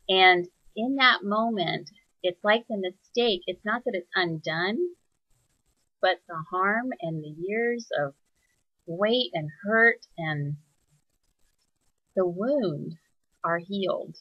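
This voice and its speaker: Softly reflective woman, muffled dry sound. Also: medium pitch, no echo. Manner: soft-spoken, searching, with many pauses and fillers. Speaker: spiritual teacher. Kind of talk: reflective spoken monologue.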